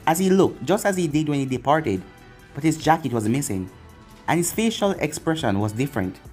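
A narrator reading fan fiction aloud in a plain, steady manner. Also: mid-range voice, fairly quick. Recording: faint background music.

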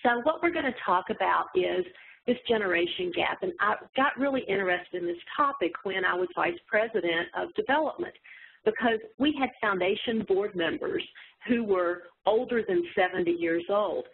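A woman's voice: medium pitch, expressive, moderate pace, gravelly, a little hiss or hum. Southern woman presenting on a tinny line. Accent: slight Southern US. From southern West Virginia. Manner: chatty, self-deprecating, with restarts. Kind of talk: webinar presentation. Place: home in a small town. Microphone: video call.

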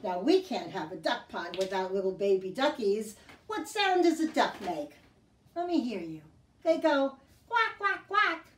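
A woman hosting a children's library storytime, talking to kids in a gentle, teacherly sing-song and reading a picture book aloud. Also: mid-range voice, sing-song, moderate pace, far from the mic. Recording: echoey room, voice off-mic, guitar behind.

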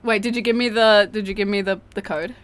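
A woman's voice: medium pitch, steady tone, quick pace. A woman hosting a gaming stream, giggling, swearing freely and thanking viewers as she plays. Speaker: streamer host. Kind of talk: casual gaming stream chat.

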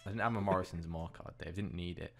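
A man hosting a gaming video, giving excitable gameplay commentary, swearing constantly and bursting into yells. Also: low-pitched, fast talker, gravelly, faint music behind.

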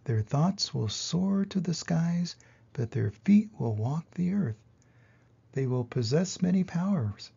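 Older man reading ancient wise turtle, female, calm; gravelly, very slow. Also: on the high side, dull audio, pitched above the performer's own voice, heavily acted. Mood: solemn. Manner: slow, solemn storybook reading.

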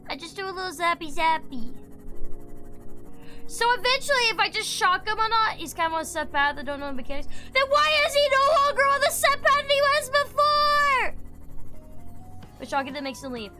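A woman's voice: extremely high pitch, sing-song, moderate pace, sharp tone, faint music behind. A woman streaming a game, chatting playfully with her audience and slipping into silly voices. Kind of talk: casual gaming stream chat.

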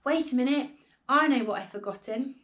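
A woman reading a storybook aloud, voicing a calm, earnest young boy who answers in a matter-of-fact way. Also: sits high, brisk, pitched above the performer's own voice, close to an everyday voice.

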